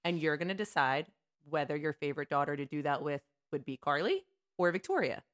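Playful gal co-hosting with her mom, lively up-and-down voice. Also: deep voice, a little fast. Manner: playful, laughs often. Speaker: podcast co-host, daughter. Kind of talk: casual chat, running a game.

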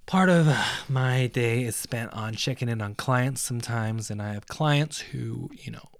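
A man's voice: mid-range voice, measured pace, creaky, no room sound. A young man hosting a podcast, telling profane, rambling stories in a casual solo monologue. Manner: profane, rambling storytelling with laughs. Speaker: podcast host.

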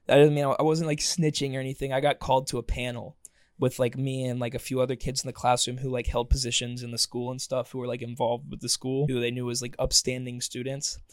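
A young man hosting a casual podcast chat, an animated storyteller who swears freely and acts out what others said. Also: medium pitch, fast talker, dry recording, studio quality. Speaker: podcast host.

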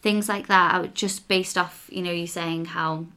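A young woman who runs classes at a theatre school talks through her experiences in a relaxed podcast interview. Her voice sits slightly low for a woman. She speaks in loose, chatty runs, full of fillers and self-corrections. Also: normal speed. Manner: chatty storytelling, many fillers and restarts. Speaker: theatre school teacher, guest.

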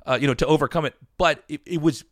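A man's voice: a little high, fast talker, dry recording, studio quality. A man telling a long personal story in casual chat, rambling with restarts and swearing.

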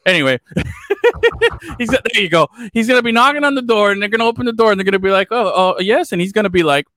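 A male podcast host chatting about sports in an animated, joking way, often trailing off into fillers. His voice is bright and high, with a lot of swing in pitch. The sound is dry and close. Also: fast talker, no room sound. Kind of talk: casual sports chat.

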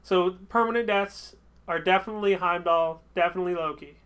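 Guy with a high bright voice jumping in on a movie chat, finishing everyone's sentences. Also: clear, resonant tone. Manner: quick to chime in, finishes others' sentences. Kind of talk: casual movie discussion.

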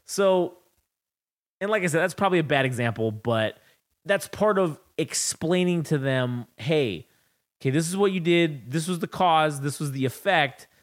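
A man's voice: fairly high pitch, expressive, normal speed. Rambling, cussing young guy. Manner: rambling, profane storytelling about parenting. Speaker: podcast co-host. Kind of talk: casual chat.

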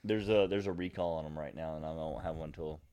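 A man's voice: very deep voice, fairly even intonation, a little fast, dark tone, smooth. A man co-hosting a podcast in casual chat, rambling with lots of filler words. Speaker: podcast co-host.

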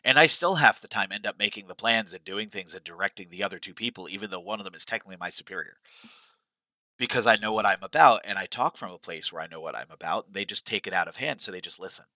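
A man's voice: deep voice, quick pace, pushed and bright, dry recording, poor audio. A man on a podcast telling stories casually, rambling and laughing often. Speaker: podcast co-host.

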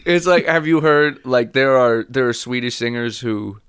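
A man's voice: mid-range voice, moderate pace, a bit bright, smooth, no room sound, clean studio sound. A man co-hosting a comedy podcast in casual chat, rambling and laughing often. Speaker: podcast co-host.

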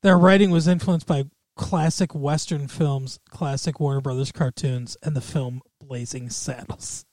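A man's voice: a little high, steady tone, unhurried, hardly any pauses, darkish tone, dry recording. Laughing, rambling podcast host man. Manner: laughs often, rambling and playful. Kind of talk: casual chat.

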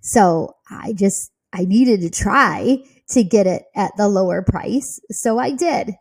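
A woman who works as a real estate agent, telling a story on a podcast in a chatty, animated way and giggling often. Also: medium pitch, takes it slowly, slightly rough.

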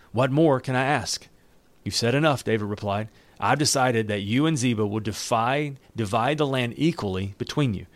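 A man's voice: mid-range voice, a bit bright, dry recording. A man reading a Bible passage aloud, now and then stopping to retell it loosely in everyday words. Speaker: Bible reader and teacher. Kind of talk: Bible reading with casual commentary.

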